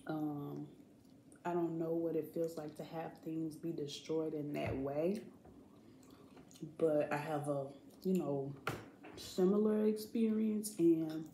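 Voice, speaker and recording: Woman, 30s, low unhurried vlog chat, roomy echo. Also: slight background noise. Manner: chatty, relaxed, laughs often. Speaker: family vlogger. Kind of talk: casual mukbang chat.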